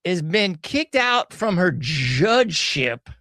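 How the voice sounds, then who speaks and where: A man's voice: high-pitched, very animated, unhurried, few pauses, pushed and bright, no echo. A man hosting a podcast, riffing sarcastically on news clips and laughing often. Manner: sarcastic, laughing, drawling slang. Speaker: show host. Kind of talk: casual podcast commentary.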